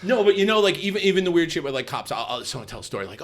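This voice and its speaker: A man in his fifties telling stories in a casual chat, animated and swearing, laughing often. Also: medium pitch, quick pace, few pauses. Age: 50s. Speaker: guest.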